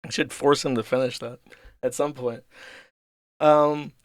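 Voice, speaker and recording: This livestream host is a man who reads out donations from viewers and goes off on tangents about them, laughing often and cursing freely. His mid-range voice stays fairly even and a little slow, captured at studio quality with no room sound.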